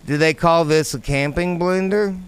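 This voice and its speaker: A man's voice: fairly high pitch, moderate pace, crowd noise. A man hosting a live talk show, rambling and profane in casual chat. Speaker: radio show host.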